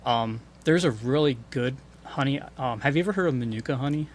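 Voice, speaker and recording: A man who teaches and sings, talking as a podcast guest in a relaxed, thoughtful way. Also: mid-range voice, brisk, a little hiss or hum. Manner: relaxed, thoughtful, with many fillers. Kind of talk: casual chat.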